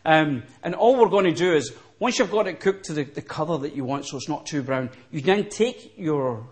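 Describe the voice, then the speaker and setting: A man's voice: fairly high pitch, animated, moderate pace. A man working as a chef, patiently explaining a recipe step by step in a studio kitchen. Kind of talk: cooking demonstration.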